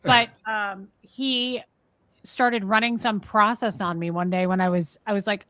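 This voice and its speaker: A woman co-hosting a podcast, telling a long personal story in a casual, animated way, acting out the other people in it and filling her talk with "like" and "um". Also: mid-range voice, unhurried, dry recording. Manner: animated storyteller, acts out quoted voices, many fillers. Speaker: podcast co-host.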